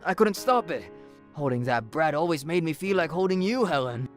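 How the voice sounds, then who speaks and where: An evasive cheating husband stammers through his excuses, as an actor plays him. His pitch moves widely between hesitant phrases. Soft music hums in the background. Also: lively intonation, normal speed, natural voice. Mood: pleading.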